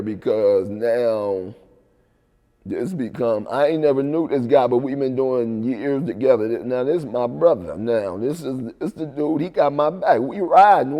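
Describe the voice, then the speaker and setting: Sounding mellow, a man being interviewed tells his story in an easygoing fashion, his voice at a typical male pitch. He keeps dropping "right?" and "man" between phrases, and a long reverb lingers in the room.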